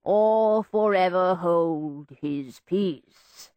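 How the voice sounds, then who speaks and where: Woman narrator as a male vicar intoning vows very slowly, solemn drone, dry close recording. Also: lowish voice, clean tone, no room sound, muffled recording, voice pushed down. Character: droning male vicar at a wedding. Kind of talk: audiobook character voice.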